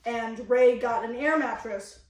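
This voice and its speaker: A woman's voice: fairly high pitch, a little hiss or hum. A young woman co-hosting a podcast, telling family stories in a casual, laughing way and acting out quotes. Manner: laughing often, quick animated retelling with quoted voices. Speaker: podcast co-host. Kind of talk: casual storytelling chat. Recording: echoey room, mic at a distance.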